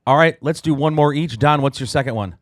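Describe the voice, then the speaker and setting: A man hosting a podcast discussion who speaks in a measured, deliberate way. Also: fairly high pitch, no room sound, studio quality. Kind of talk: casual discussion.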